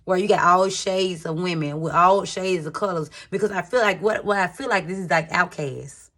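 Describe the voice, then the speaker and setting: A woman's voice: on the low side, moderate pace, a bit bright. A woman giving a casual tarot reading, talking candidly to her viewers with slang and swearing. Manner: chatty, rambling, addresses viewers as y'all. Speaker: tarot reader.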